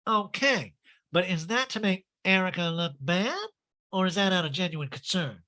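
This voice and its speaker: A man voicing a defensive, self-absorbed reality-TV woman in a slow, pointed delivery. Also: high voice, animated, bright, forceful tone, voice pushed up.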